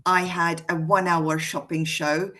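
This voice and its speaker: Chatty Hungarian-born woman, low voice. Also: little pitch movement, measured pace, bright, forceful tone. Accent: Hungarian-born, mixed British and South African. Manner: chatty storytelling with frequent ums. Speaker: guest speaker. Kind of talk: casual conversation on a video call.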